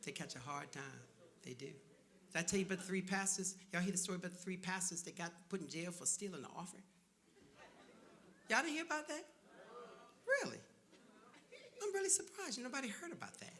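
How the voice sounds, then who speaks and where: On a church stage before a live audience, a pastor does stand-up, telling stories with punchy asides and calling out to the crowd. His voice sits high and sounds bright and forceful, very animated and a little fast, with frequent pauses.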